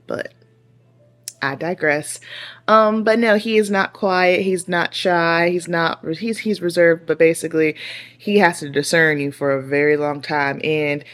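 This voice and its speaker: A woman in her thirties talking casually to her viewers, telling a story in a sassy, slangy, animated way. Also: deep voice, normal speed. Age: 30s. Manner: animated, sassy, slangy, rising to exasperated outbursts. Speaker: beauty vlogger.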